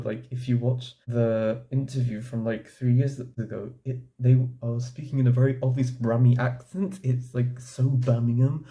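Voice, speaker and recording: Young man, vlogger, very dark mellow voice, casual rambling commentary, lots of restarts. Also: mid-range voice.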